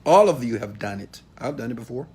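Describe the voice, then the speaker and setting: A husky-voiced man delivers a motivational talk to a live audience. He preaches and calls out to the crowd, dropping from loud outbursts to near-whispered asides. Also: medium pitch, lively intonation, brisk. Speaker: motivational speaker.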